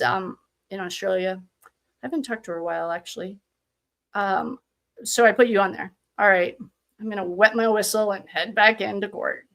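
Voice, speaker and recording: Woman livestream host, chatty and bubbly, greets viewers and laughs easily; mid-range voice. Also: mid-range voice. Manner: chatty, reads viewer comments aloud, laughs often. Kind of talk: casual livestream chat.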